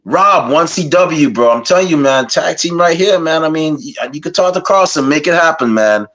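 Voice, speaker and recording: A man hosting a wrestling interview podcast, laid-back and reflective, wrapping up with slow sincere words. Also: fairly high pitch, animated, fairly bright tone. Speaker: podcast host. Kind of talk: casual interview chat.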